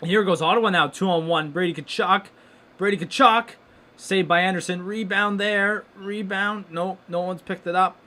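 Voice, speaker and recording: A young man hosting a live hockey watchalong, calling the play-by-play casually and breaking into loud excited exclamations. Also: sits high, normal speed, few pauses. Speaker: watchalong host.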